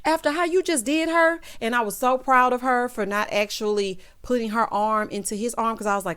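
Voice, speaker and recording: A woman's voice: fairly high pitch, fast, hardly any pauses, fairly bright tone, clear, resonant tone. A woman recapping a reality show, talking with sass straight to its cast and acting out their lines. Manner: sassy, talks straight to the people on the show; acts out each person's quoted lines. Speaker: recap vlogger.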